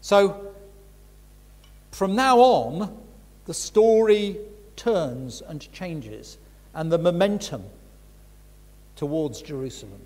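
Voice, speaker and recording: A man's voice: fairly high pitch, animated, takes it slowly, pauses often, a little mellow. An older man giving a reflective Bible teaching talk as a preacher, frank and conversational, with emphatic stresses. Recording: long reverb of a large hall.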